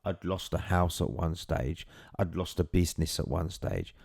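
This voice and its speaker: A middle-aged man speaks in a very low, dark and mellow voice, recorded close and dry. He tells his own story candidly and earnestly, with casual swearing. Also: normal speed, creaky, breathy edge, dry recording. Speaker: father telling his story.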